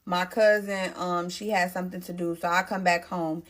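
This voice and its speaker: A woman's voice: lowish voice, flat delivery, moderate pace. A pregnant woman telling a storytime vlog, speaking straight to her viewers and repeating phrases for stress.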